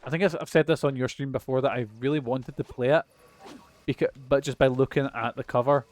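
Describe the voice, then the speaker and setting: A man's voice: mid-range voice, fairly even intonation, brisk, a little mellow, faint music behind. A Scottish man streaming a game, rambling and chatting casually while swearing now and then. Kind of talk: casual gameplay chat.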